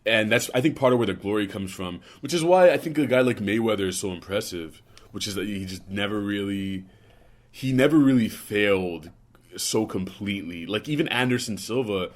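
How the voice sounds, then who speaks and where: A man's voice: on the low side, fairly quick. A young man hosting a podcast, rambling in casual banter, jokey and profane. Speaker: podcast host.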